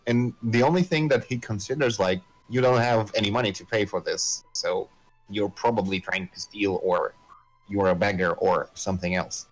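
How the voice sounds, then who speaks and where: A man's voice: fairly low pitch, normal speed, soft background music, poor audio. A man narrating as game master of a tabletop game, hesitant and full of fillers.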